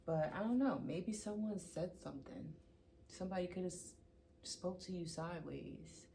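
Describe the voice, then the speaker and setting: A woman's voice: fairly low pitch, normal speed, creaky, dark tone, a little hiss or hum. A woman giving a casual tarot card reading, chatty and playful, teasing her viewers and then insisting she is serious. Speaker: tarot reader.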